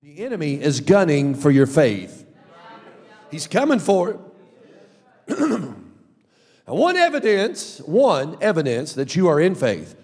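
A man preaching a sermon as pastor, building to shouted calls and leading the congregation in spoken refrains. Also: high-pitched. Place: church hall. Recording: live sermon in a reverberant hall.

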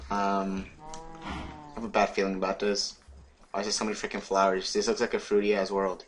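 A young man giving casual, excitable let's play commentary on a game, swearing and chanting words over and over. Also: fairly low pitch, brisk, a little hiss or hum. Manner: excitable, swears and sing-songs repeated words. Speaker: gaming YouTuber.

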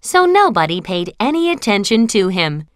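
A woman narrating a children's storybook, slow and clear for young listeners. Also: medium pitch, very animated, background noise.

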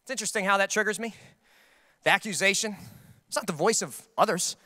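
A young adult man preaching a sermon as pastor, telling stories with comic, animated outbursts. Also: sits high, quick pace. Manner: comedic storytelling with animated outbursts.

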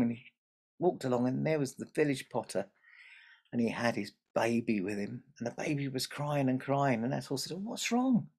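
Male family storyteller, chatty, gravelly. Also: mid-range voice, a little mellow. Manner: chatty, asides to the audience.

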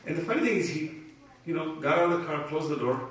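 Man, religious speaker, emotional storytelling, high voice, very echoey hall, distant mic. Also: fast. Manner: emotional, animated storytelling with laughter. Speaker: Islamic speaker. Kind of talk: lecture with personal stories. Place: community centre hall.

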